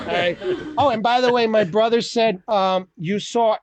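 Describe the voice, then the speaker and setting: A man hosting a comedy open mic over a video call, telling an animated, exasperated bit and laughing at his own jokes. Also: sits high, moderate pace, highs cut off, heavy background noise. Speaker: comedy show host.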